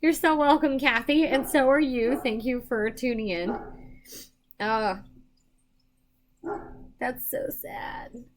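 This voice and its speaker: A young adult woman giving psychic readings on a live stream, chatting casually with viewers, emotional and quick to laugh. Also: high voice, fairly even intonation. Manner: emotional, chatty, laughs often, self-deprecating.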